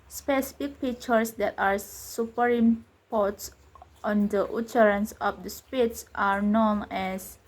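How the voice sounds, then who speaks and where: A young woman, a student presenter, reading lesson notes aloud in a steady, even way. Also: mid-range voice, low-quality recording.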